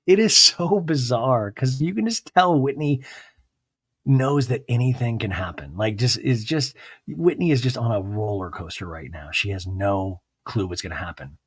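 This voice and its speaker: A male podcast host retells a reality TV episode with gossipy relish. His voice is mid-pitched and slightly husky, and the sound is close and dry. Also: moderate pace, dry recording. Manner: gossipy, animated retelling with laughs. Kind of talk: solo reality TV recap.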